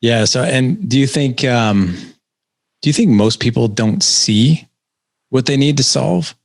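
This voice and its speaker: A man's voice: medium pitch, lively intonation, measured pace, creaky, no room sound. Casual male podcast host, dry sound. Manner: casual, self-deprecating questions. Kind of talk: podcast interview.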